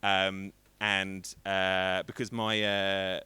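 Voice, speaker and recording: A man's voice: low voice, little pitch movement, drawn-out words, sharp tone, clean tone, no room sound. A man in his thirties doing a rambling, self-deprecating stand-up set on a stream. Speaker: stand-up comedian.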